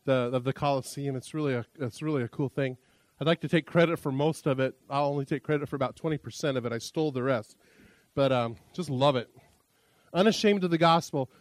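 A man's voice: fairly high pitch, dry recording. A man preaching a sermon as pastor, a chatty, self-deprecating storyteller who often restarts his sentences.

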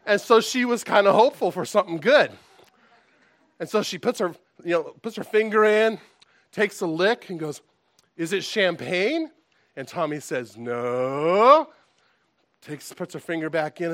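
A man leading a church gathering in a loose, joking manner, poking fun at his own storytelling. His voice sits a little high for a man. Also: normal speed, no echo. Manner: relaxed, self-deprecating, joking. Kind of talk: casual sermon with a told joke.

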